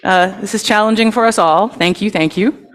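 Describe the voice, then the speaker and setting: A woman leading a story for all ages at a congregation service, lively, chatty and inviting, speaking into a microphone. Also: mid-range voice, moderate pace, big-room sound. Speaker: worship leader. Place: congregation sanctuary.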